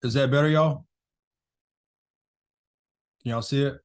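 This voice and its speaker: A man's voice: mid-range voice, steady tone, measured pace, smooth. A man hosting a casual live online business masterclass, chatting loosely with participants by name over a video call.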